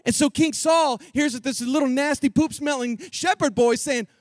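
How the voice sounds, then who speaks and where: A male preacher telling a story in an animated, jokey, slangy sermon style. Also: very high voice, normal speed, dry recording, clean studio sound.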